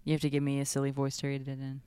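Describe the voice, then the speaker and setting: A woman's voice: a bass voice, monotone, racing, mellow, smooth, no room sound. Playful young woman co-hosting. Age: young adult. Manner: playful, teasing. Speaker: student podcast co-host. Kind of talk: casual chat.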